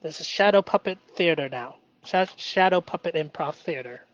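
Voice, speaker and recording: A man hosting a live stream, talking through his feelings in an earnest, halting way with many fillers. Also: on the high side, dry recording, lo-fi sound. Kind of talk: emotional self-reflective live stream.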